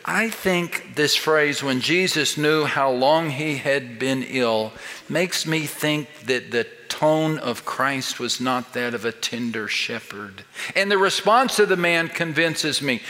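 An older man delivers a sermon in a bright, forceful voice, driving home his point with pointed rhetorical questions. His slow, deliberate preaching rings out with a long reverb, as in a large church sanctuary. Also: mid-range voice. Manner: emphatic, building rhetorical questions. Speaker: pastor.

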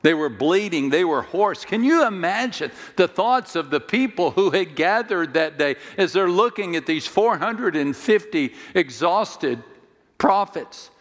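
A man's voice: fairly high pitch, long reverb tail. A man preaching a sermon, telling the story dramatically, with jokes and direct appeals to his listeners. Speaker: pastor.

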